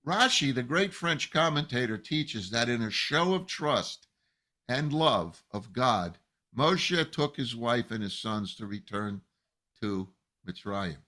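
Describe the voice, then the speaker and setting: A man, a rabbi, teaching a Torah lesson with animated storytelling, acting out the people in the text. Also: mid-range voice, slow pace.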